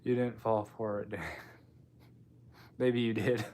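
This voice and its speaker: A man's voice: fairly low pitch, slow. A man hosting a casual late-night livestream, loosely answering viewers' comments. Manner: relaxed, answering chat comments, yawning. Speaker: livestream host.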